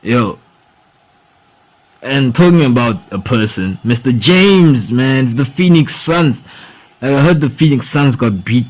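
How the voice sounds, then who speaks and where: A man's voice: mid-range voice, lively intonation, slow pace, a little mellow, low-quality recording. A young man hosting a sports podcast, rambling in casual talk, swearing freely and saying "bro" and "dude" a lot. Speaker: podcast host.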